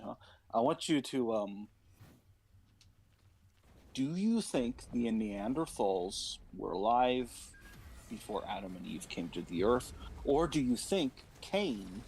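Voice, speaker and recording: A man streaming from home, chatting casually and irreverently, rambling and breaking into loud put-on voices. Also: medium pitch, husky.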